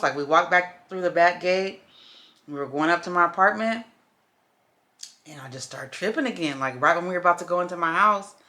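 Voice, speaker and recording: A woman's voice: low-pitched, bright, forceful tone. A woman, telling a story to viewers in a casual vlog. She acts out the voices of the people in it and calls her viewers y'all and baby. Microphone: camera while doing makeup.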